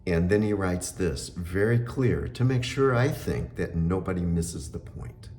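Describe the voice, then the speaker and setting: A middle-aged man giving an earnest, unhurried spiritual talk, pausing often with fillers. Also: sits low, expressive, darkish tone, slight background noise.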